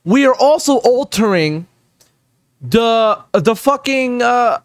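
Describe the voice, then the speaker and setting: A man streaming a reaction video, loud and profane, swinging between shouting and muttering. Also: very high-pitched, lively intonation, slow pace, no echo, studio quality. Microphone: desk mic, no headphones.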